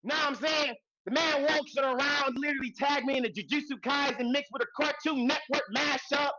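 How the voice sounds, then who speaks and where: A man with a strikingly high voice and a bright, forceful edge, co-hosting a podcast. He talks like a hype man, loud and slangy, throwing in profanity and shouting his introductions. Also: fairly even intonation, brisk, no echo, lo-fi sound. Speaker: podcast co-host. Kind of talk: casual podcast chat.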